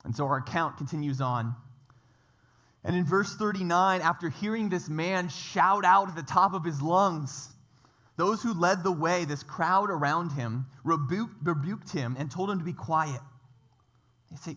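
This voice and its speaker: Man preaching at church, kinda high voice, repeats phrases and lists for emphasis. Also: measured pace, a bit bright. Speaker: pastor. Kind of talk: sermon.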